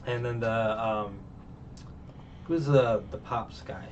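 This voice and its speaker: A man's voice: fairly low pitch, slow. Rambling man recapping a show. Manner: rambling, filler-heavy, laughs often. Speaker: reviewer. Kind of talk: casual episode recap. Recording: distant dull mic with faint noise.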